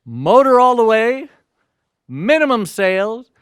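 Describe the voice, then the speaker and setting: A man's voice: very high voice, very animated, slow, a bit bright, clean tone, no echo, studio quality, voice pushed up, heavily acted. A man putting on a blunt, weathered old sea captain. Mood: blunt advice. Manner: curt, matter-of-fact advice.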